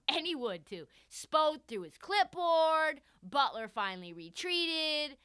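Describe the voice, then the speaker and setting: Brash high-voiced woman sports host. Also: sing-song, unhurried, hardly any pauses, sharp tone, no echo. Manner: brash, profane, acts out quotes in voices. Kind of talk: animated sports commentary.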